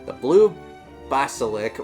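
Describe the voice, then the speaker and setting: A man's voice: medium pitch, big pitch swings, slow pace, darkish tone, soft background music. Chatty man commentating a video game. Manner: chatty, rambling, with many fillers and self-corrections. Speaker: gameplay commentator. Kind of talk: casual let's-play commentary.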